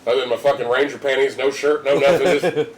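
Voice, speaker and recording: A man's voice: medium pitch, quick pace, over a noisy crowd, poor audio. A man co-hosting a podcast, telling rowdy stories in a profane, laughing, casual way. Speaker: podcast co-host. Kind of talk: casual storytelling chat.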